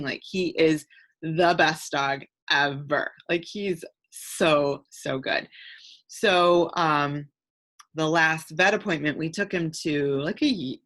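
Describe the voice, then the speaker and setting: A middle-aged Midwestern American woman on a community call tells a personal story in a low voice with a fairly bright tone. She rambles, uses lots of fillers, and becomes emotional.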